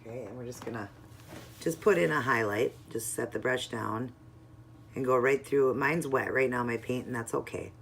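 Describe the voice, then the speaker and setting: A woman's voice: a bass voice, normal speed, creaky, a little hiss or hum. A woman narrating a casual, step-by-step nail art tutorial at home in a chatty, instructive way.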